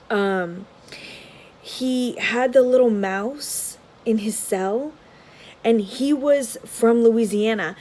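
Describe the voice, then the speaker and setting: A woman vlogger giving casual unboxing commentary, rambling with many filler words and dropping into soft, half-murmured asides. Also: on the high side, low-quality recording. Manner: drops to a soft whisper at times. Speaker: tarot vlogger.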